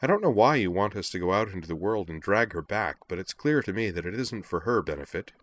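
A man voicing a calm, defiant young male student who speaks flatly and firmly, in a story reading. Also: deep voice, quick pace, pitched above the performer's own voice. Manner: calm, flat and firm. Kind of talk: audiobook reading of fan fiction.

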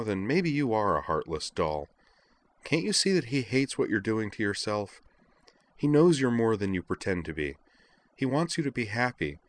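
A man voicing an angry young woman who scolds and confronts her friend, raising pitch for her lines. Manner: heated, scolding.

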